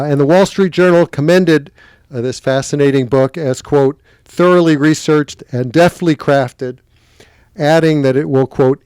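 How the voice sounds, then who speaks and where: Male event host, slightly higher voice, dry close sound, reading an introduction slowly with many fillers. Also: a little mellow, smooth, no room sound. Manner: measured, hesitant, many uh fillers. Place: bookstore event space.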